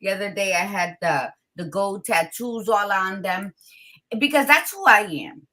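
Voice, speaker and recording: Tired, bright-voiced woman host. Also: mid-range voice, moderate pace. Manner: blunt, expressive, mixes Spanish greetings. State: tired morning voice. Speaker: podcast host. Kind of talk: casual chat.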